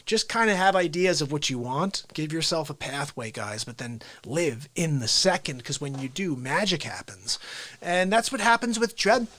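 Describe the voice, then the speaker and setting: A middle-aged man hosting a live variety stream, talking in a rambling, animated way. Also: a little high, normal speed, dry recording. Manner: rambling, animated, slips into voices. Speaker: variety show host, real estate agent.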